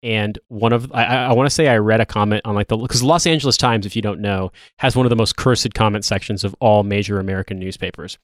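A man's voice: lowish voice, steady tone, fast talker, few pauses, no room sound, clean studio sound. A man co-hosting a podcast in casual chat, rambling with stumbling restarts and swearing. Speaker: podcast co-host.

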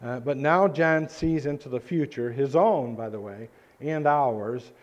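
A male pastor preaching a sermon in a church, earnest and halting, with frequent restarts. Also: medium pitch, dull audio. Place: church sanctuary.

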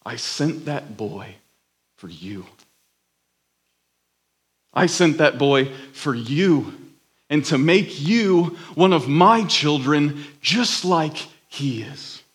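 A man preaching voices God as a gentle, solemn spirit, speaking low and hushed in sermon storytelling. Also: expressive, very slow, long pauses. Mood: tender hush.

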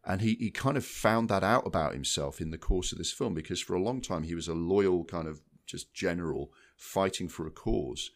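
Deep voiced guy co-hosting a film podcast, rambles on with lots of restarts. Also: moderate pace, creaky, hardly any pauses. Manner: rambling, many restarts, animated. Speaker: podcast co-host. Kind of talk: casual chat.

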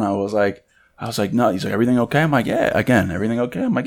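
Animated New man telling a story. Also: lowish voice, quick pace. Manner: animated storytelling, acts out quotes. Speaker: podcast co-host. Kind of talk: casual chat.

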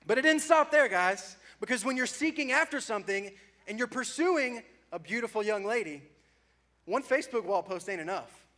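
High-voiced man joking through a sermon. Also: lively intonation, moderate pace, pushed and bright. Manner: joking, self-mocking storytelling, laughing often. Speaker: pastor. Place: church before a congregation.

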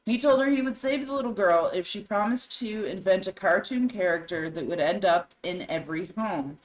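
A woman's voice: medium pitch, normal speed, poor audio. A woman co-hosting a talk show, reading scary stories aloud with dramatic storytelling and shifting voices for the characters. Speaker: co-host.

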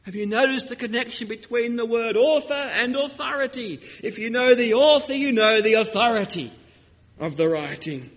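A man's voice: extremely high pitch, moderate pace, fairly bright tone, in a large hall. A man preaching a sermon in a church, teaching and putting questions to the congregation.

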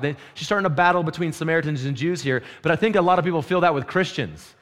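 Dynamic preacher, higher voice. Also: male voice, fast, few pauses. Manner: dynamic, swinging between loud urgent peaks and quiet intense lows; conversational with casual slang. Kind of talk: sermon.

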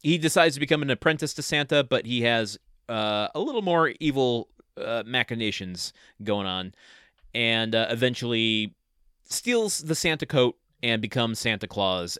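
A man's voice: mid-range voice, lively intonation, moderate pace, pushed and bright, clear, resonant tone, no echo, clean studio sound. A man co-hosting a podcast, giving a casual movie review with a wry, sarcastic manner. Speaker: podcast co-host.

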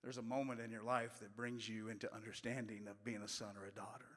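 Folksy preacher in echoing hall. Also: male voice, lowish voice, little pitch movement, quick pace. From West Virginia. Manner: folksy storytelling, swings from loud to hushed. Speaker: pastor. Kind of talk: sermon. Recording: long hall reverb.

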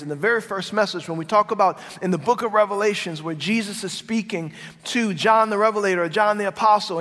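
A man's voice: high voice, fairly bright tone. A male pastor preaching a sermon, emphatic and repeating his key phrases. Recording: long reverb of a large hall.

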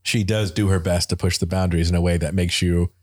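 Very low-voiced man in rambling music chat. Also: steady tone, fast, a little mellow. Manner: rambling and enthusiastic, many fillers and restarts.

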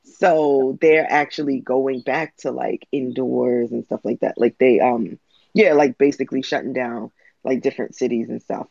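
A man chatting casually in an animated way, acting out what others say. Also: mid-range voice, normal speed, vocal fry, slightly rough, dry recording. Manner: animated, acts out voices of others. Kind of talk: casual chat. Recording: dull lo-fi dry sound.

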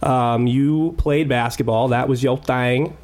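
A man's voice: medium pitch, steady tone, takes it slowly, darkish tone. A man co-hosting a podcast in casual chat, joking, laughing often and swearing freely. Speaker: podcast co-host.

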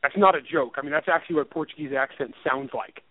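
A man's voice: a little high, quick pace, no room sound. Rambling man on a tinny phone line. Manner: rambling, self-deprecating, laughs often. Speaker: author and writing teacher. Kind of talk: casual interview chat.

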